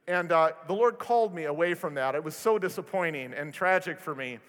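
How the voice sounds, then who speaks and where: A male preacher with a notably high voice telling stories in an animated sermon, joking at his own expense. His voice rings out with a long reverb from a large church hall. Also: brisk. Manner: animated storytelling with self-deprecating humor. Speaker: pastor. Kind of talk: sermon with storytelling.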